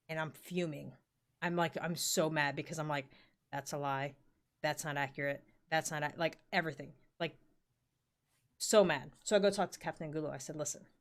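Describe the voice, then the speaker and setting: A woman in her forties telling a rambling work story in casual chat, full of fillers and the odd swear word. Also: lowish voice. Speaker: podcast co-host.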